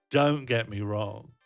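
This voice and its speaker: A man's voice: lowish voice, slow, gravelly, dry recording, soft background music. A man rambling and joking on a casual livestream, answering his chat and laughing often.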